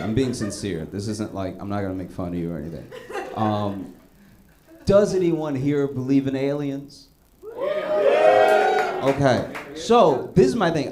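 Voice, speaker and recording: A male stand-up comedian talking conversationally with sincere asides and loud bursts. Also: mid-range voice, noisy background.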